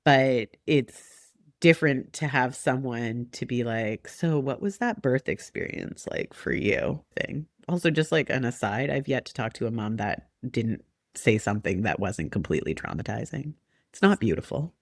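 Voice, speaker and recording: A woman's voice: rumbling low, normal speed, no echo, clean studio sound. A woman in her forties, a podcast guest chatting casually and acting out remembered conversations. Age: 40s. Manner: animated, acts out remembered talk with laughs.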